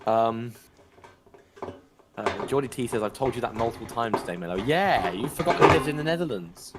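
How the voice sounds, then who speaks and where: A man's voice: medium pitch, fairly quick. A man on a voice call, chatting casually and jokily, reading out viewer messages. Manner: jokey, reads out chat messages. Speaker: friend on a call reading chat. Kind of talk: casual chat. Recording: noisy background.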